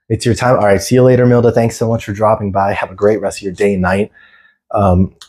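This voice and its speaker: A man's voice: fairly low pitch, a little mellow, slightly rough. A man chatting casually on a phone livestream, laid-back and slangy, answering viewers' chat. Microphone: phone camera.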